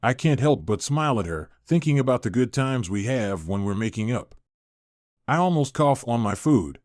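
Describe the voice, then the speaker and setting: A man reading a first-person family story aloud as a scripted narration, in a steady, even manner. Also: mid-range voice, moderate pace, no room sound, clean studio sound.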